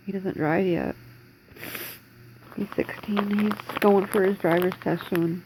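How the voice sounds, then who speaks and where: A woman's voice: mid-range voice, fairly even intonation, a little slow, long pauses, darkish tone, slight background noise, rough recording. A woman in her forties talking in a rambling, distressed way in a personal video diary from home, holding back tears. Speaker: vlogger.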